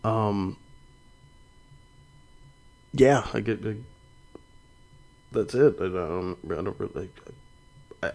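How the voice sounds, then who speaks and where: A man's voice: mid-range voice, dark tone, breathy edge, low-quality recording. A young man hosting a solo fight podcast, talking casually and rambling with many restarts and some swearing. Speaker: podcast host.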